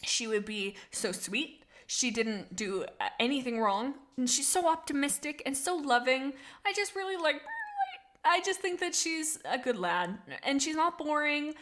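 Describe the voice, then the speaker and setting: A young woman talks casually on a live stream, reading chat and gushing with excitement. Her voice sits fairly high. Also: a little slow, hardly any pauses.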